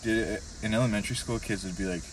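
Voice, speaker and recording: A young man co-hosting a casual podcast, reviewing songs in a profane, rambling, animated way. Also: lowish voice, fast. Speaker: podcast co-host. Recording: distant mic with faint background noise.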